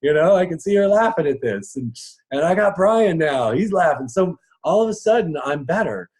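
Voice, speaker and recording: A man coaching on personal strengths in a casual live talk to an audience. He chuckles often and slips into quick voices as he talks. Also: fairly high pitch, very animated, darkish tone.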